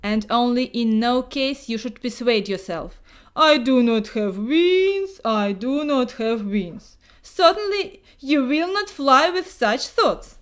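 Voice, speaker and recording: A woman voicing a boastful, proud male mosquito who pitches himself like a salesman, grandiose and persuasive. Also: lively intonation, takes it slowly. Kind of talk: storybook voice acting. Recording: roomy echo.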